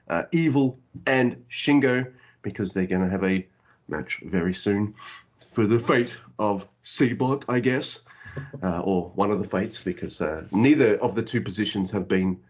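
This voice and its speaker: A man co-hosting a podcast in casual chat, animated and joking, sometimes humming a tune. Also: lowish voice. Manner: animated, joking, breaks into sung hums. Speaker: podcast co-host. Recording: dull lo-fi sound.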